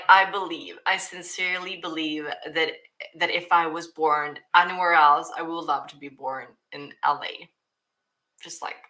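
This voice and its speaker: A woman's voice: fairly low pitch, bright, forceful tone. A woman streamer, chatting casually and reading viewer questions aloud, often restarting her sentences. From Sweden. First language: Swedish. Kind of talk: casual livestream Q&A.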